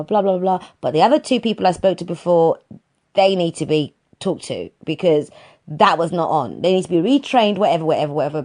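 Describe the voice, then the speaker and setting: A woman vlogging in a chatty, exasperated way, swearing freely as she tells a story. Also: lowish voice. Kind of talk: casual monologue.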